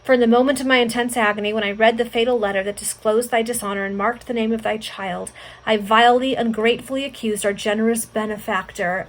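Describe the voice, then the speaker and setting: A woman's voice: on the high side, steady tone, quick pace, natural voice, rough recording. A woman reading the lines of a heartbroken, stern yet tender old father, voicing them with anguished, pleading outbursts over a video call.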